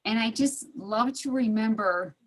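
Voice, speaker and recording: A middle-aged woman talks in a casual, chatty way, with a voice pitched a little high. She laughs easily and acts out the people in her story. The sound is that of a video call. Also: a little slow. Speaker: study group participant. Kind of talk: casual storytelling in an online group.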